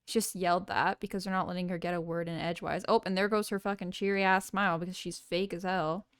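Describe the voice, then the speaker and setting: A woman's voice: lowish voice, steady tone, fast talker, smooth, dry recording, clean studio sound. A woman chatting casually and bluntly while playing a game, swearing freely. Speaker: co-player. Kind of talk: casual gameplay chat.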